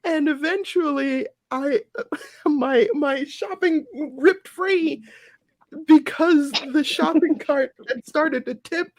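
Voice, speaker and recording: High-voiced man laughing through a story. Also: takes it slowly, dry recording. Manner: laughs through his own story, animated. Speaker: podcast guest. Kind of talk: casual storytelling.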